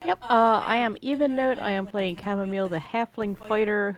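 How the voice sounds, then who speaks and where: A woman's voice: medium pitch, moderate pace, hardly any pauses, rough recording. A woman playing in a tabletop game, chatting casually and playfully. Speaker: player.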